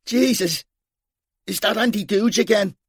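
A man's voice: high-pitched, measured pace, breathy edge, no echo, studio quality, pitched above the performer's own voice, heavily acted. A man with an Irish accent voicing a surly, frightened young man on a ledge who answers in sullen, snapping retorts.

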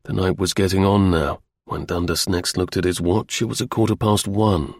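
Deep, husky male storyteller. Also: normal speed, few pauses, no room sound, studio quality. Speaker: narrator. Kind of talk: storybook narration.

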